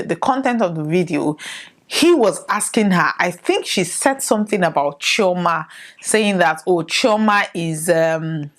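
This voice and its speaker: A woman hosting a podcast, chatting and retelling celebrity news. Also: on the low side. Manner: chatty, conversational storytelling. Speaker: podcast host. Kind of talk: casual commentary.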